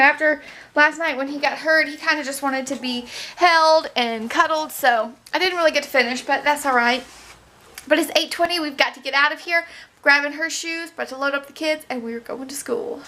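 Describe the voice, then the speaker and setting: Chatty high-voiced woman vlogging. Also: a bit bright. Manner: chatty, rambling with fillers. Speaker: family vlogger. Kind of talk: casual vlog chat. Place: in a car and around town. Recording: phone audio with road noise.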